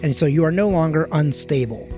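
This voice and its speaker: A man's voice: on the high side, fairly quick, darkish tone, faint music behind. A man narrating as game master of a tabletop game, full of hesitant ums and uhs.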